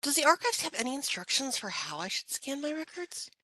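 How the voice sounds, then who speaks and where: A woman's voice: high voice, big pitch swings, fairly quick, bright, forceful tone, dry recording, poor audio. A woman moderating an online question-and-answer webinar, upbeat and organized, speaking into a computer mic on a video call.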